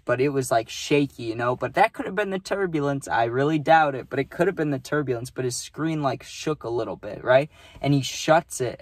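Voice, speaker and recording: A man's voice: mid-range voice, dry recording. A young man telling a casual storytime vlog, rambling with lots of fillers and swearing. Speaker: vlogger.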